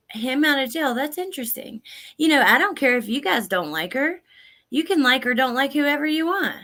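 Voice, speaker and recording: A woman's voice: on the high side, bright, forceful tone. A woman hosting a casual livestream, chatting with viewers by name and repeating lines from a clip. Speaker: livestream host.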